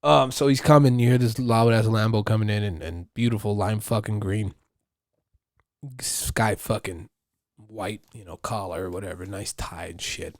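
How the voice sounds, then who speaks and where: A man's voice: on the low side, normal speed, a little mellow, no room sound, clean studio sound. A man hosting a podcast, telling stories in a casual, profane, rambling monologue with frequent laughter. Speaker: podcast host.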